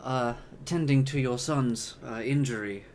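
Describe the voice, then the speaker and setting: A man's voice: mid-range voice, a little slow, darkish tone, slight background noise, natural voice. A man voicing a polite female battle sister in power armor in a tabletop game, speaking courteously and hesitantly. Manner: courteous, hesitant, many fillers.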